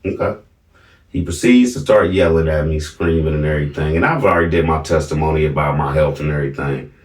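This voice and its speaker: A middle-aged man with a rumbling low voice tells viewers a family story at a brisk clip, casual yet emphatic, often tossing in "right?". He's far off the mic, and the recording sounds roomy.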